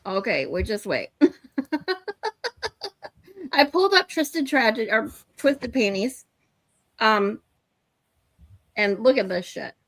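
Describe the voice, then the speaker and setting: A woman's voice: fairly high pitch, sing-song, slow, pauses often, a bit bright, dry recording. A woman hosting a live stream, chatting casually and laughing as she shows her co-host something on screen. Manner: chatty, laughs often, urges co-host to look.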